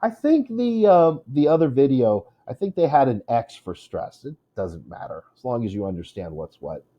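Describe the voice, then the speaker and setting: A man's voice: medium pitch, very animated, normal speed, mellow, lo-fi sound. A male English teacher giving a recorded lesson, joking with his class and drawing out syllables to show which one is stressed.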